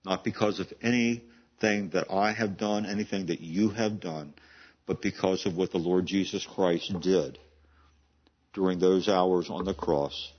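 A man's voice: low-pitched, fairly even intonation, unhurried, lo-fi sound. A man in his seventies preaching a sermon in a conversational, storytelling way, often restarting phrases and laughing. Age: 70s. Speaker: pastor.

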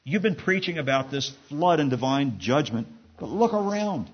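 A man voicing a mocking, skeptical ancient man who scoffs loudly, in a husky voice on a dull recording. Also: a little high, lively intonation, moderate pace. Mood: scoffing.

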